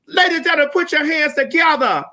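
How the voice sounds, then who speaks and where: A woman hosting a live-streamed comedy talk show, loud, brash and profane, hollering at her audience. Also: sits high, expressive, quick pace. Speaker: host.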